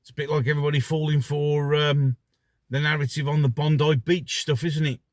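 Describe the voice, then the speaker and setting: A man's voice: a little high, little pitch movement, a little fast, no echo. A middle-aged man giving a sarcastic ranting commentary full of rhetorical questions. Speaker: vlogger.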